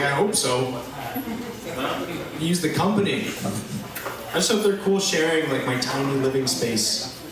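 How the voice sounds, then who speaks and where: Halting young man doing stand-up, echoey club. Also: a little high. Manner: halting, self-deprecating, stammers. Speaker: stand-up comedian. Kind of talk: stand-up set. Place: comedy club. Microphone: phone filming from the audience. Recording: echoey club from far off with crowd. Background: crowd laughter.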